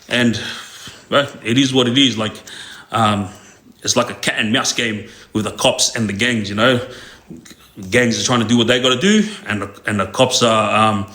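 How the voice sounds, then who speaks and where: A man's voice: medium pitch, sharp tone. A young man, telling stories on a live stream in loose slang, often laughing. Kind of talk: casual storytelling. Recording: echoey room with faint music.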